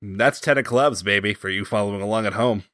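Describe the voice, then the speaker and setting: A man playing a tabletop game, chatting casually and quick to joke and laugh. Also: fairly low pitch, a bit bright, no echo, studio quality. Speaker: player and guest.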